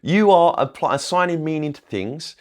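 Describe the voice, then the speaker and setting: A man's voice: fairly high pitch, expressive, moderate pace, darkish tone. A man, a manifestation coach, teaching in a casual, rambling way, often checking in with "okay?" and swearing now and then. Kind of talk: casual spiritual teaching to camera.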